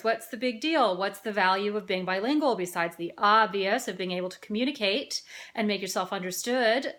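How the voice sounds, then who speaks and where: A woman's voice: medium pitch, fairly bright tone. Woman presenting with rhetorical questions. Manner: rhetorical questions, acts out parents talking to a child. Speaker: teacher presenting a learning tool. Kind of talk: narrated presentation.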